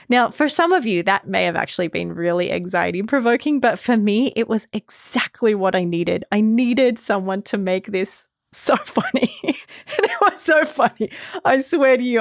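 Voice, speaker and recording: A woman's voice: medium pitch, creaky, dry recording, clean studio sound. A woman hosting a podcast, telling a personal story in a candid, emotional way. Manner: candid and emotional, often laughing. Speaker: podcast host.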